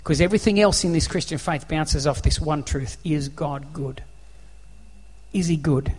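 A man's voice: fairly high pitch, moderate pace, darkish tone, breathy edge. A man with an Australian accent preaching a sermon, telling a personal story in an earnest, conversational way. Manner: earnest, conversational, acts out dialogue. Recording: long reverb of a large hall.

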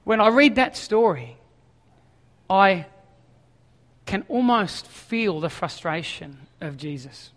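Male pastor, sermon, high-pitched voice, long reverb from a large hall, moves between reading scripture and pressing paraphrase. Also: animated, takes it slowly, long pauses, a bit bright. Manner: reads scripture aloud, then paraphrases it in an urgent, conversational voice.

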